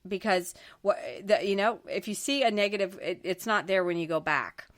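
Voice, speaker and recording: A middle-aged woman from the Florida Panhandle hosts a political talk show, ranting emphatically and sounding exasperated. She often restarts her sentences, speaking at a medium pitch and normal speed.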